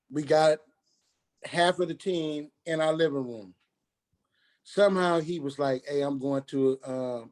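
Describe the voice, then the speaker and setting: A middle-aged man, telling his own story on a radio show, halting and restarting as he acts out what others said. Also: on the high side, a little mellow. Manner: halting, repeats and restarts, quoting others in dialogue.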